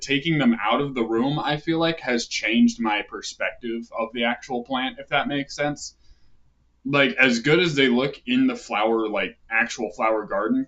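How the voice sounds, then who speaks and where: Rambling man hosting a casual livestream. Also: on the low side. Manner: rambling, relaxed, with fillers and asides. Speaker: livestream host. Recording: dull lo-fi stream audio.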